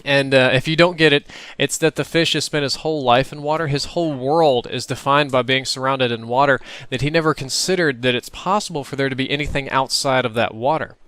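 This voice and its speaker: A man's voice: medium pitch, fairly quick, a bit bright, clear, resonant tone, no room sound. A young man giving casual, reflective commentary over gameplay, talking in a conversational way. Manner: conversational, reflective, laughs now and then. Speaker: gaming commentator.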